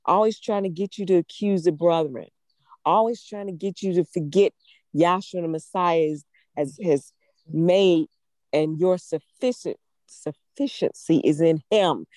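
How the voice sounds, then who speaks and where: A woman's voice: on the low side, unhurried, darkish tone, no echo. A woman preaching a sermon in a fervent, emphatic way, repeating phrases for stress. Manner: fervent, emphatic, with emotional laughs.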